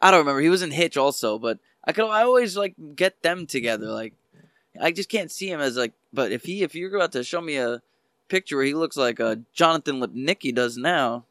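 A man's voice: on the high side, lively intonation, fairly quick, fairly bright tone, dry recording, studio quality. A man co-hosting a casual movie chat, rambling and stopping to search for names mid-sentence. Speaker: podcast co-host.

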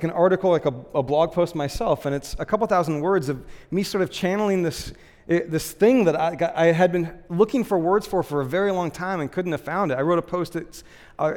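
A man giving a relaxed, conversational sermon in a slightly higher voice, peppering his talk with "like" and "um". His voice rings with a long reverb, as if the room is large. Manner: chatty, frequent "like" and "um" fillers, laughs lightly. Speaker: pastor.

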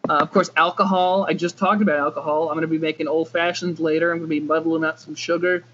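Insistent high-voiced man on a podcast. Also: flat delivery, fast talker, a bit bright. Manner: insistent, argumentative. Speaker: podcast co-host. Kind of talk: casual debate chat. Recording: dull lo-fi podcast audio.

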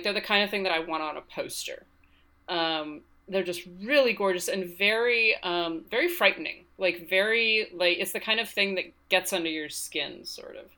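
A woman's voice: medium pitch, fairly bright tone. A woman hosting a casual film chat, reviewing a horror film thoughtfully, with frequent fillers. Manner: thoughtful, hesitant with many fillers. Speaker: film podcast host.

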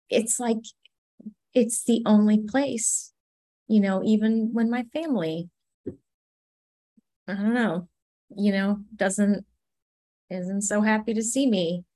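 A woman's voice: fairly low pitch, darkish tone. A woman sharing at a recovery meeting over a video call, heartfelt and emotional.

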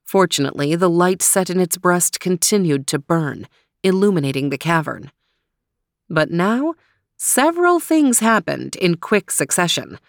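A woman narrating a children's adventure story in a measured, expressive way. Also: fairly low pitch, creaky, no room sound, studio quality.

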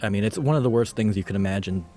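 A man chats on a podcast in a halting way, stammering at the start of his thoughts. His voice is very deep, and faint music runs in the background. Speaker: podcast co-host. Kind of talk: casual chat.

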